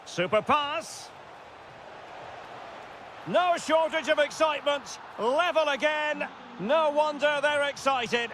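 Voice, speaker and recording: A man's voice: very high voice, slow pace, pauses often, fairly bright tone, slight background noise, heavily acted. A man voicing a football play-by-play commentator in a video game, calling the action in short bursts that rise sharply at chances and goals. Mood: lively.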